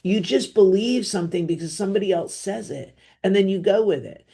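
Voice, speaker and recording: A woman's voice: medium pitch, fairly quick, dark tone, husky. A middle-aged woman with a New Jersey accent hosting a solo podcast, talking bluntly and rambling, with offhand asides and plenty of fillers. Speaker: podcast host. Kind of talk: opinionated solo podcast monologue.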